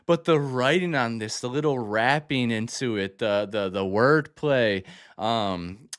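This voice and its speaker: A man's voice: mid-range voice, unhurried, a bit bright, clear, resonant tone, no echo, clean studio sound. A man hosting a music reaction, talking casually and enthusiastically, often exclaiming between thoughts.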